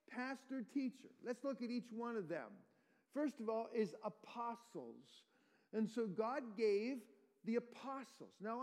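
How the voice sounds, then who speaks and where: Pastor, male, high voice, teaching sermon with questions to the pews, long church reverb. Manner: explains verse by verse, quizzes the congregation. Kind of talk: expository sermon.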